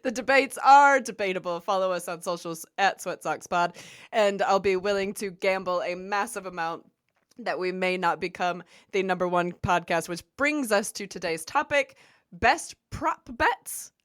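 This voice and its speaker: Speaking at normal speed in a mid-range voice, this podcast co-host is a laughing storyteller, expressive and animated as she chats casually and tells stories.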